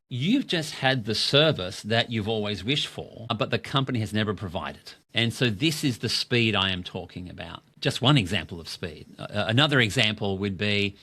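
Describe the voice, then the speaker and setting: A man's voice: on the low side, pushed and bright. A middle-aged Australian man co-hosting a podcast, talking casually and with enthusiasm, asking himself questions and answering them. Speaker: podcast co-host. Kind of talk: casual business talk.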